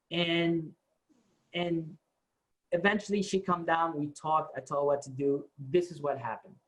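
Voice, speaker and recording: On a low-quality recording, a US man who co-founded a company recounts his beginnings to employees at normal speed. His voice is a little high, and he tells the story with animation, performing the quoted lines himself.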